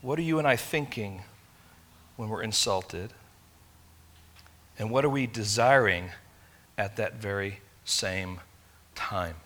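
A man from England, preaching a sermon in an animated, conversational storytelling way. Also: lowish voice, takes it slowly, long pauses. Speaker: pastor.

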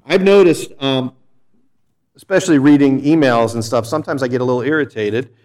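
A man's voice: medium pitch, fairly quick, darkish tone. A middle-aged man, a pastor, preaching a sermon in a conversational, storytelling way with frequent restarts.

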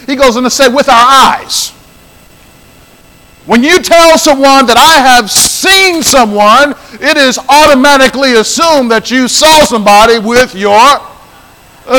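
High, slow-preaching pastor in a reverberant hall. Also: male voice, pushed and bright. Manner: emphatic preaching with repeated phrases and audience call-outs. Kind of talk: sermon.

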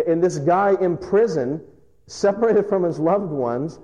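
Warm-voiced male pastor preaching. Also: high-pitched, lo-fi sound. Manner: storytelling, emphatic with dramatic pauses. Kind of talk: sermon.

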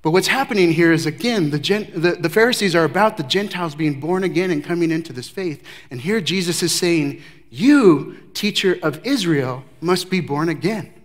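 A man preaching a sermon verse by verse, emphatic, with his voice swinging from loud declarations to hushed remarks. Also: on the high side, fairly quick, few pauses. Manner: emphatic, varies loudness widely, drops to hushed tones. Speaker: pastor. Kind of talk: expository sermon.

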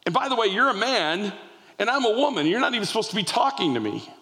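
A woman's voice: medium pitch, sing-song, fast, a bit bright, big-room sound, voice pushed up. A male preacher voicing a blunt Samaritan woman in a retold story, in a slightly raised voice. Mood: incredulous. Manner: blunt, incredulous retorts.

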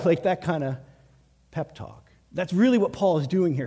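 High-voiced preacher in a reverberant hall. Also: male voice, animated, normal speed, long pauses, warm tone, husky. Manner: urgent, emphatic preaching with acted pep talks. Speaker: pastor. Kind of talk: sermon.

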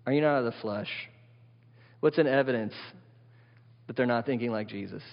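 A male pastor preaching a sermon in an animated way, often putting questions to his congregation. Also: mid-range voice, normal speed, vocal fry. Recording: dull lo-fi sound with long hall reverb.

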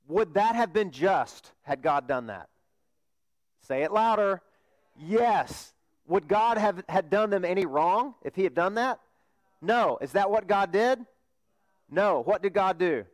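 Man preaching, questioning the congregation. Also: on the high side. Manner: questions the congregation and drops to a hush for emphasis. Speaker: pastor. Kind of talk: sermon.

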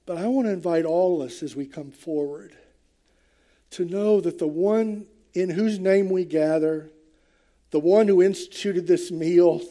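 A man's voice: sits high, unhurried, mellow. An older man preaching a sermon to his congregation in church, earnest and conversational, with hesitant fillers. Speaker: pastor.

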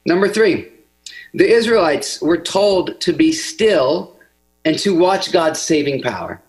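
Gravelly-voiced man preaching a sermon. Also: lively intonation, slow, faint music behind, low-quality recording. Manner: conversational, acts out quotes with sweeping pitch. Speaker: pastor.

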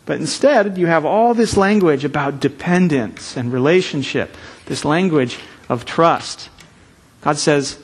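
A man delivering a sermon with a slightly high voice. He preaches earnestly and with emphasis, drawing out key words slowly. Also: slightly rough. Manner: earnest, emphatic, with slow stressed phrases.

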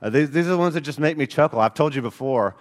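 A pastor with an Alabama Southern accent preaches in a church sanctuary, his slightly high voice moving quickly with a long reverb tail. Earnest, he fills the sermon with rhetorical questions and folksy asides.

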